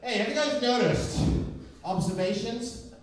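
A man's voice: very high voice, lively intonation, a little slow. A man doing a stand-up comedy set, rambling and sardonic in his observations. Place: live comedy venue, indoors. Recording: echoey live room, distant mic, crowd. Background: audience laughter.

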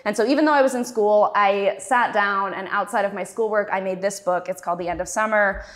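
A Texan cartoonist in her 20s gives a festival talk, telling personal stories in a casual, self-deprecating way with lots of ums. Her medium-pitched voice stays steady and moves a little fast.

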